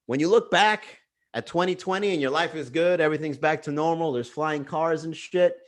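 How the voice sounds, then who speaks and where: A man's voice: a little high, moderate pace. A man hosting a casual comedy livestream, riffing profanely and acting out other people's voices.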